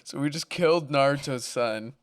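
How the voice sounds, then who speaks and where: A man co-hosting a relaxed podcast conversation. He laughs often and swears casually as he talks. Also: medium pitch, normal speed, smooth. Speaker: podcast co-host. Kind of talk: casual chat.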